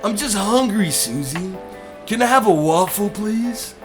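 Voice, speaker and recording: A man voicing a clingy young male stalker in a game, with a raspy put-on southern drawl. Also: sits high, animated, unhurried, music in the background, voice pushed up. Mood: pleading.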